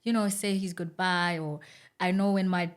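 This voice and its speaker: A young woman, guesting on a podcast. Her voice sits a little low for a woman. She tells stories in a lively, casual way and laughs easily. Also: normal speed, smooth. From South Africa. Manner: animated storyteller who laughs easily. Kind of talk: casual chat.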